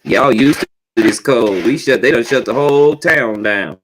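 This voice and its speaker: A man's voice: medium pitch, moderate pace, poor audio. A man joins a podcast conversation as a co-host. He talks bluntly and easily, full of slang. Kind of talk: casual chat.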